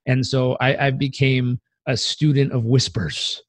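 A man's voice: little pitch movement, unhurried, no echo, studio quality. A man speaking as a podcast guest, telling reflective stories in an earnest, conversational way and sometimes acting out inner voices. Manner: earnest, acts out inner voices with pitch jumps.

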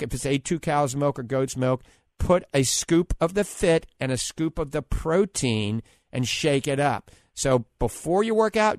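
A man with a New Orleans accent co-hosting a radio health show, giving upbeat, persuasive advice and pitching products. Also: no room sound, clean studio sound.

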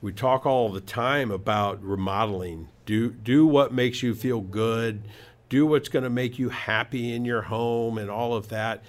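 A man's voice: medium pitch, fairly even intonation, a little slow. A man hosting a home improvement talk show, giving tips in a casual, rambling way with many fillers and restarts. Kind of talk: casual radio-style talk.

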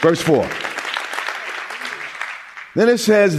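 A man preaching a sermon as pastor, with dramatic pauses, rising emphasis and questions thrown out to the congregation. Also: high-pitched, big pitch swings, breathy edge, a faint crowd. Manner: call-and-response questions to the congregation.

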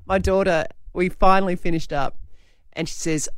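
Animated Australian woman, middle-aged, swooping up and down in pitch, dry studio sound, self-mocking storyteller. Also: moderate pace, no room sound. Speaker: radio breakfast show host. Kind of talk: casual radio chat, storytelling.

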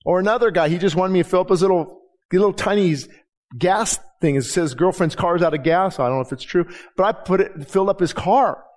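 The pastor, a middle-aged man, has a high-pitched, darkish voice and speaks fairly quickly. His sermon is conversational, and he acts out what people say in his anecdotes.

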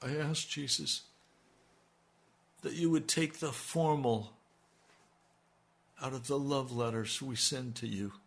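Slow, earnest male pastor. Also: medium pitch. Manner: earnest, pleading prayer that rises in intensity. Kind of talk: radio sermon and prayer.

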